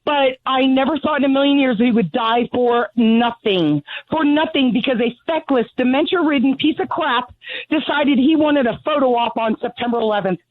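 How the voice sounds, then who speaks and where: A woman's voice: sits high, moderate pace, no room sound. A grieving, angry mother on a phone call, talking bluntly and out of breath from pacing. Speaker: caller. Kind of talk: phone interview. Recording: tinny phone line.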